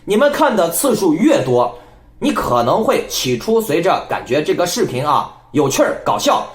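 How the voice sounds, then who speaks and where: A man's voice: a little high, echoey room. A man hosting a political commentary channel, talking in an emphatic, lecturing way.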